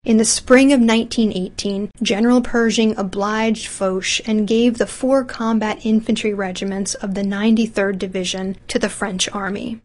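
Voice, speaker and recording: A woman reading a scripted history narration in an even, measured way. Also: mid-range voice.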